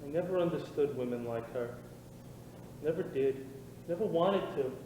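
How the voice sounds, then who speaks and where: A man's voice: a little high, normal speed, mellow, a little hiss or hum, lightly acted. A man on stage playing a cynical middle-aged former teammate who trades in dry, sardonic wisecracks, recorded live in a small theater. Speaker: stage actor. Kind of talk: live stage play acting. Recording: echoey theater stage, distant mic.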